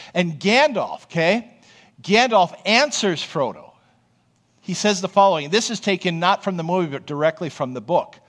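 A man who is a pastor, preaching a sermon in a conversational, storytelling way and often checking in with the congregation. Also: a little high. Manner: storytelling, animated.

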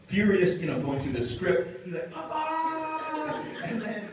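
A man with a fairly high, very lively voice tells a story to a convention crowd, acting out each quote and laughing along. He is recorded from far back in a cavernous hall. Background noise runs throughout. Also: unhurried. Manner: acts out quotes, laughs often. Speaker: convention panel guest. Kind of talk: animated anecdote on stage. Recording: roomy hall, distant mic, noisy.

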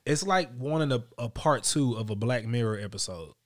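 Guy hosting a podcast, rambly and jokey, swears a lot, middle pitch. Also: expressive, moderate pace. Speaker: podcast host. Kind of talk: casual chat.

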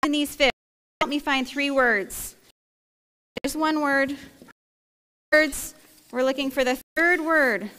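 A woman's voice: high-pitched, slow, long pauses, bright, forceful tone. A woman pastor leading a playful, interactive children's story, coaxing the kids to act it out. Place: church sanctuary. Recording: echoey church hall.

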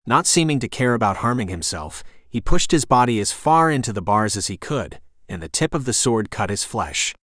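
A man reading a first-person fantasy audiobook in a measured, dramatic storytelling manner. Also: medium pitch, sing-song, fairly bright tone, no room sound, studio quality. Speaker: audiobook narrator.

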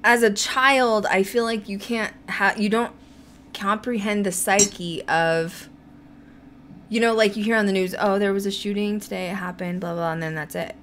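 A woman hosting a paranormal podcast, talking in an animated, ranting way and laughing often. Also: mid-range voice, normal speed, a little hiss or hum. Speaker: podcast host. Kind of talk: casual chat.

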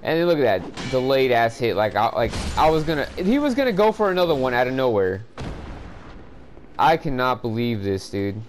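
A man's voice: mid-range voice, sing-song, normal speed, slight background noise. A man giving profane, frustrated commentary over a game walkthrough, ranting at the players watching. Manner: frustrated, swearing, exasperated rants. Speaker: gameplay commentator.

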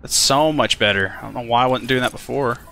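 A man giving casual let's play commentary on a game, chatty and animated, swearing and talking to the creatures on screen. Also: mid-range voice, quick pace, vocal fry, a little hiss or hum. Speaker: gaming channel host.

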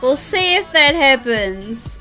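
Casting: young New woman, streamer, bright slightly high voice, slow unhurried delivery, giggly and chatty, soft music under. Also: sing-song. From New Zealand. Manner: giggly, chatty with viewers, reads game lines in a playful voice. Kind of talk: live game stream, reading dialogue aloud.

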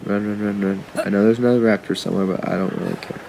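A man's voice: fairly low pitch, steady tone, fast, vocal fry, dark tone, slight background noise. A man giving casual commentary while he plays a video game, talking to the creatures on screen and to his viewers, often frustrated. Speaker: gaming YouTuber.

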